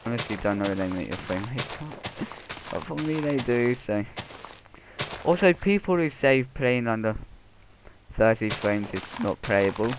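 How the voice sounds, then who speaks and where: A man's voice: medium pitch, expressive. Muffled, swearing young guy gaming. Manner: mumbling to himself, swearing, quick outbursts. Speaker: Let's Play gamer. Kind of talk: casual gameplay commentary. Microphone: headset microphone. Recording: muffled headset audio, faint noise.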